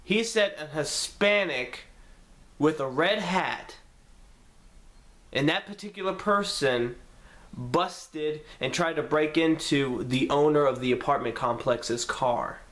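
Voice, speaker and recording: A young man telling a story to the camera in a casual, profane way, acting out his own lines with sudden jumps in pitch. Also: slow, fairly bright tone. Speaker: vlogger.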